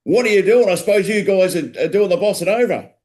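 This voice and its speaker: A man with an Australian accent putting on a small-town male cop who is self-important and easily fooled, in a shrill, squawking voice. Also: big pitch swings, moderate pace. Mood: indignant.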